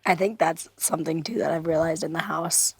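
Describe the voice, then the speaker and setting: A woman chatting in a hesitant, confiding way, often restarting her sentences. Her voice is low, husky and gravelly. The sound is close and dry. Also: steady tone, brisk, dry recording. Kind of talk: casual chat.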